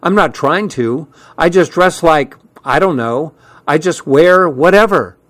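A man voicing an awkward, unsure middle-school kid who talks in a hesitant, halting way. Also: on the high side, expressive, fairly bright tone, voice pushed up. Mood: flustered.

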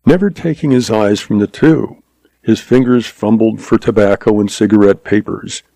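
A man reading a western story aloud as scripted narration, with measured, dramatic storytelling. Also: lowish voice, creaky, mellow, no echo.

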